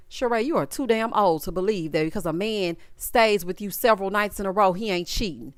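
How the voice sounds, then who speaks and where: A woman's voice: medium pitch, a little fast, hardly any pauses, no room sound, studio quality. A woman hosting a casual reality TV recap, talking sassy and slangy with dramatic asides to her viewers.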